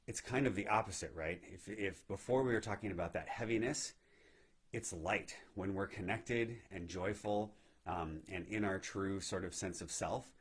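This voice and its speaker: A man giving a gentle, reflective spiritual teaching talk on meditation, often checking in with "right?". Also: deep voice, normal speed, breathy edge. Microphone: live video stream.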